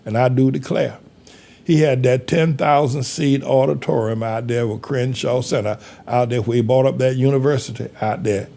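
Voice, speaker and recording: A man's voice: mid-range voice, fairly even intonation, moderate pace, vocal fry, mellow. An older man preaching as a pastor, impassioned and repetitive, pleading with his listeners. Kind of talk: preaching to a congregation.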